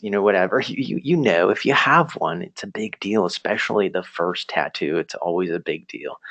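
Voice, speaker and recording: A man's voice: lowish voice, fairly bright tone, no echo. A young man telling a personal story in a class presentation, chatty and self-deprecating, laughing often and asking the audience questions.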